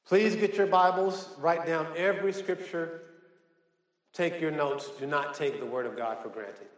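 High-voiced preacher in an echoey church. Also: male voice. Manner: reads scripture slowly and emphatically, rising in pitch; directs the congregation to underline words. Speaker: pastor. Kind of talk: sermon with scripture reading. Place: church sanctuary.

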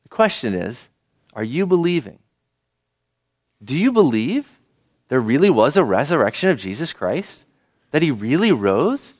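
A man's voice: mid-range voice, sing-song, a little slow, long pauses. A male pastor giving a conversational sermon, often asking the congregation questions.

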